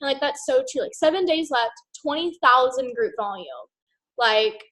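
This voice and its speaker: A woman co-host telling a story in casual chat, animated and laughing. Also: high voice, moderate pace, low-quality recording. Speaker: network marketing co-host.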